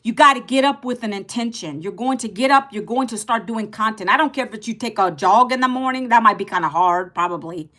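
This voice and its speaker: A woman's voice: brisk, hardly any pauses. A woman in her fifties talking casually to camera as an online business coach, chatty, repeating herself and calling viewers "guys". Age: 50s. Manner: lively, pitch jumps up and drops low.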